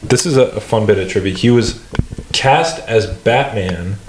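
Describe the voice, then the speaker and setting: A man's voice: fairly low pitch, measured pace. A young man co-hosting a comedy podcast, rambling casually with lots of fillers and hesitations. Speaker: podcast co-host. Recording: echoey room, faint noise.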